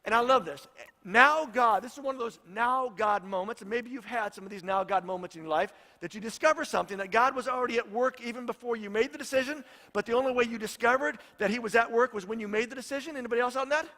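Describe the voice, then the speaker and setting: A man's voice: very high voice, quick pace, sharp tone, long reverb tail. A man, a pastor, preaching a sermon in a storytelling way and repeating his points for emphasis.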